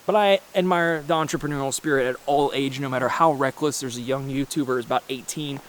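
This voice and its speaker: A man's voice: medium pitch, fast talker, a little hiss or hum. A man in his thirties giving a casual, rambling rant to camera, blunt and full of swearing, with frequent restarts. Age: 30s. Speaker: vlogger. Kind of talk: casual ranting monologue.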